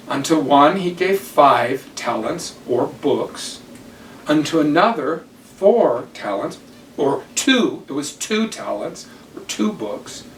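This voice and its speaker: An older man gives a devotional talk, taking his time with each story and weighing every phrase. His voice sits a little high for a man. He is heard from some distance in a roomy space with faint background hum. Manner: slow, deliberate storytelling. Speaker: church teacher. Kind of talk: devotional talk with personal stories.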